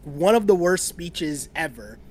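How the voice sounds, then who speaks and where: A man's voice: on the high side, lively intonation, measured pace. A man in his thirties co-hosting a casual chat, rambling through a theory with frequent laughs. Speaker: podcast co-host. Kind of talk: casual chat about a reality show.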